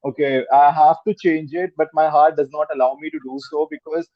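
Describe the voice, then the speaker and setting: A man's voice: fairly high pitch, steady tone, brisk, dry recording, dull audio. A man with an Indian English accent, chatting as a podcast guest, rambling and repeating words, slipping into Hindi. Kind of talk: casual interview chat.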